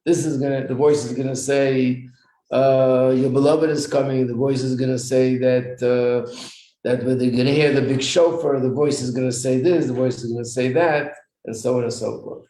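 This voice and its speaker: Warm and steady in tone, a mid-range male voice leads a small, informal religious class at a moderate pace, explaining customs and putting questions to the group. He clears his throat often, and the echoey room adds reverb and faint noise to the recording.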